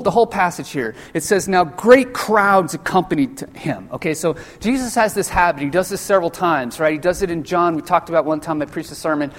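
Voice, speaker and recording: A man preaching a sermon in a loose, conversational way, full of jokey asides and quick acted-out voices for the people in his stories. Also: on the high side. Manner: casual, jokey asides, acts out quoted voices. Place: church sanctuary. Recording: long church-hall reverb.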